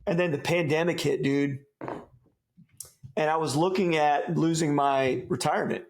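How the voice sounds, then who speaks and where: A man's voice: a little high, fairly even intonation, normal speed, slight background noise. A man from the United States, a former soldier, talking as a guest in a casual interview, laid-back and profane, full of buddy slang and rambling restarts. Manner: rambling, many restarts and asides.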